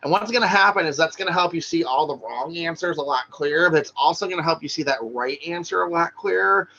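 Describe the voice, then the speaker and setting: A man's voice: on the high side, quick pace, gravelly, pushed and bright, dull audio, slight background noise. A man teaching a recorded online class for social work exam prep, talking casually with lots of "right?" and "like".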